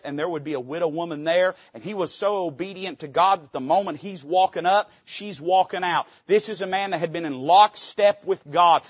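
Emphatic high-voiced male preacher. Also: no echo, highs cut off. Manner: emphatic, folksy, quotes old scripture aloud. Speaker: pastor. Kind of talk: sermon. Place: church pulpit.

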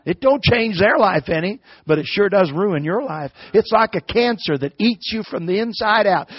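A preacher delivers a folksy, story-driven sermon, his voice pitched high and climbing into shouts as he presses a point. The recording is dry and slightly muffled. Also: animated, moderate pace, creaky, few pauses, husky, dry recording.

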